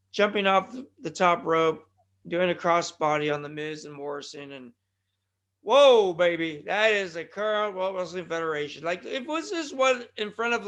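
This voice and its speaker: A man with a high voice hosts his wrestling podcast. He rambles from one tangent to the next in casual commentary and breaks into loud, fired-up bursts. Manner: excitable, digressive, loud bursts and mock impressions.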